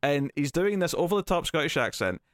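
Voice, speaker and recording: A man co-hosting a podcast, chatting casually about a film and often pausing to restart his sentences. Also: a little high, sing-song, no echo, studio quality. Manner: rambling, hesitant, with frequent fillers and restarts. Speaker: podcast co-host. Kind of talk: casual film review chat.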